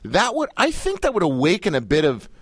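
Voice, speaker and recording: A male host with a bouncy, lively voice that swings up and down as he jokes and trips over his questions. The sound is close and dry, with no room around it. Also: high voice, a little fast, no echo. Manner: jokey, animated, stumbling restarts. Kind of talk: casual radio interview.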